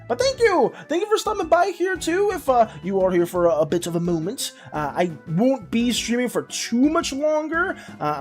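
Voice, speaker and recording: A woman streamer chatting casually with her viewers. She often trips over her words and is quick to apologize. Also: mid-range voice, a little mellow. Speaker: art streamer.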